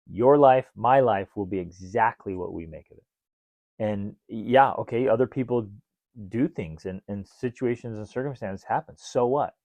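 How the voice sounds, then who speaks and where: A man hosting a podcast in an animated way, his dark voice recorded dry and close. He jumps into quoted voices as he acts out what he tells himself. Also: mid-range voice, no room sound. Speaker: podcast host. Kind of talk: casual podcast talk.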